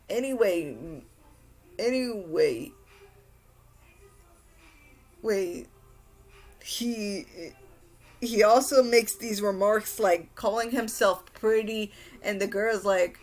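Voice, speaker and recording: A woman's voice: medium pitch, takes it slowly, pauses often. A young woman giving a casual anime recap, rambling and exasperated, with frequent restarts. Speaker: anime reviewer.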